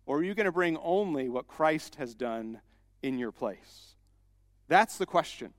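A man preaching a sermon as a pastor, emphatic and rising to loud repeated declarations. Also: on the high side, animated, measured pace, clean studio sound. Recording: long hall reverb.

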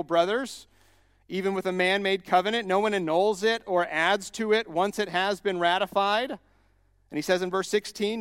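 A man preaching a sermon as a pastor, emphatic and rising to loud repeated declarations. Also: high voice, clean tone, clean studio sound. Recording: long hall reverb.

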